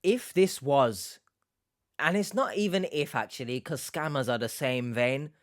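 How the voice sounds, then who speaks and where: A man hosting a reaction commentary, sarcastic and mocking, with sudden loud outbursts. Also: mid-range voice, expressive, measured pace, dry recording, studio quality. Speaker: commentary host.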